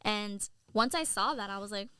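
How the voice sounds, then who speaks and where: A young woman in her twenties, a model and content creator, telling stories in an animated, casual way with lots of "like"s. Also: mid-range voice, smooth, dry recording. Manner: animated storyteller, many "like"s and quick laughs. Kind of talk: casual interview chat.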